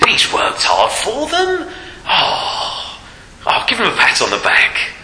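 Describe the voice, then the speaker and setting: A male preacher voicing a gushing, admiring onlooker, half whispered and breathy, in a roomy hall. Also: high voice, huge pitch swings, slow pace, pitched above the performer's own voice, full character voice. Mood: fawning. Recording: roomy hall reverb, faint noise.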